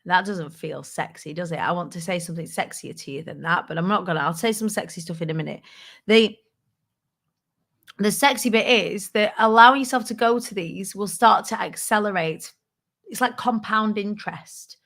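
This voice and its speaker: Woman host, bright and forceful tone, candid and playful, drops the odd swear word in motivational chat. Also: mid-range voice, normal speed. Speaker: host of a business tips show. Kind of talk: casual motivational talk to a live audience.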